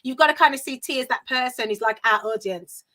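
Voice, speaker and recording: Bright, chatty woman host. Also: sits high, quick pace. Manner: chatty, warm teasing, laughs along. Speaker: podcast co-host. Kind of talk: casual interview hosting.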